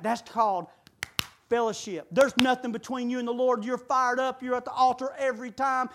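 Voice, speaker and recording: High-voiced preacher man. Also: normal speed. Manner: swings from shouting to low intimate talk; folksy, rhetorical questions. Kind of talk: sermon.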